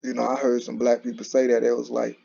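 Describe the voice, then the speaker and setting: A man's voice: mid-range voice, completely flat delivery, quick pace, creaky, warm tone. A man, talking in a casual, conversational monologue with frequent restarts and repeated "you know". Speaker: commentary channel host. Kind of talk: casual solo commentary. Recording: dull lo-fi recording.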